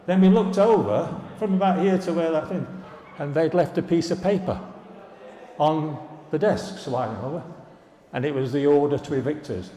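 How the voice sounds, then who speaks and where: A former students' union president, an older man with a voice on the high side but dark in tone, gives an anniversary speech at normal speed. He shares anecdotes with alumni, adding wry jokes, in a large, echoey hall at a live event.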